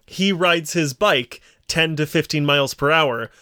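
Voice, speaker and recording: A man co-hosting a casual podcast, his voice pitched a bit high for a man and recorded dry and close. He tells long, rambling stories in an animated way. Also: a little slow, clean tone, dry recording. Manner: rambling, animated storyteller with frequent laughter. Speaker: podcast co-host. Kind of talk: casual chat.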